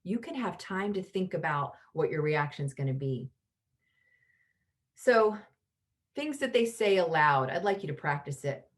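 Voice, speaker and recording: A middle-aged woman coaching parents over a video call, teaching lively and acting out the lines a parent might say. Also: low voice, unhurried, long pauses. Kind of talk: online parenting workshop.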